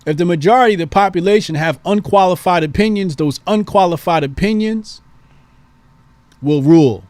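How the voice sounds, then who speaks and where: A man's voice: high voice, moderate pace, darkish tone, dry recording. A man hosting a call-in show, giving emphatic, preachy political commentary and repeating points for stress.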